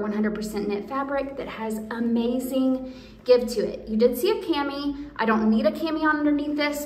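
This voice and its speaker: Far from the mic in an echoey indoor room, a woman with a high voice hosts a casual clothing try-on video. She gushes to her viewers in a chatty way.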